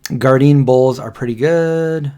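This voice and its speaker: A man's voice: mid-range voice, slow pace, warm tone, clear, resonant tone. A man in his thirties co-hosting a casual livestream podcast, rambling through a personal story and acting out what people said. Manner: rambling storyteller, acts out quotes. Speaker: podcast co-host.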